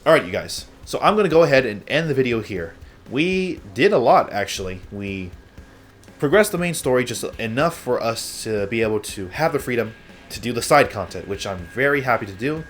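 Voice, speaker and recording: Man, let's play host, casual gameplay commentary, relaxed and chatty, medium pitch. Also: brisk, faint music behind. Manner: relaxed, chatty, with fillers and restarts.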